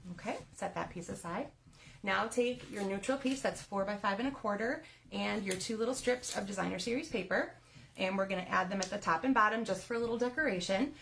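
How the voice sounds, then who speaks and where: A woman's voice: mid-range voice, fairly quick, vocal fry, fairly bright tone, a little hiss or hum. A woman leading a live card-making tutorial, chatty and step-by-step, sometimes laughing at her own slips.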